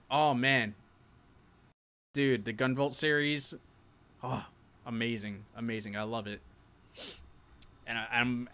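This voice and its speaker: Bright-voiced New York guy chatting. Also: medium pitch. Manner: chatty, laughs often, reacts to chat. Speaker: live-stream show host. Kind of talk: casual live-stream chat.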